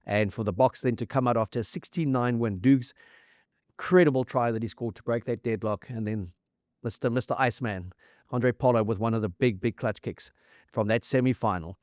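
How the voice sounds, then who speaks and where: South African male podcast co-host, mid-pitched, eager stat-heavy sports chat, dry close mic. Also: a little fast, darkish tone, no echo. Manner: enthusiastic, lists stats, frequent restarts.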